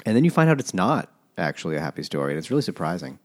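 A man with a very deep voice recaps a novel in a loose, laid-back way. He leans on fillers and keeps the chat casual. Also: huge pitch swings, moderate pace, pauses often, a little mellow. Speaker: podcast co-host.

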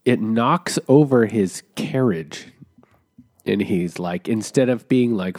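A man co-hosting a podcast, talking in an animated, sardonic way about a book. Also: lowish voice, takes it slowly. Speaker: podcast co-host. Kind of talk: casual book discussion.

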